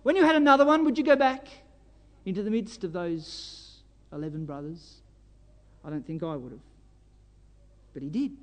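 High-pitched preacher, fervent. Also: male voice. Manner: fervent, exhorting, rhetorical questions. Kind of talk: sermon. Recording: long reverb of a hall.

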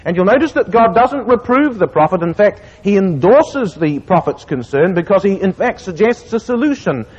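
A man preaching a sermon to a congregation, reading scripture slowly with earnest emphasis. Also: sits high, sing-song, a little mellow, breathy edge. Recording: muffled recording in a reverberant hall.

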